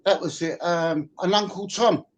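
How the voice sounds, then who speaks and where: A man with a fairly high voice pushes back bluntly on an online call, swearing as he argues. A faint noise sits under his line. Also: moderate pace, highs cut off. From London, of Irish parents. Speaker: participant in an online call-in argument. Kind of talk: heated casual argument.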